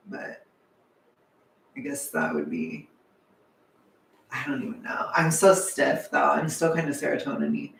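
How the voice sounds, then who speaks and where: A young man chatting casually on a livestream, animated and chatty, sometimes swearing, laughing often, heard from a distance. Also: a little high, vocal fry. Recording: echoey room, away from the mic.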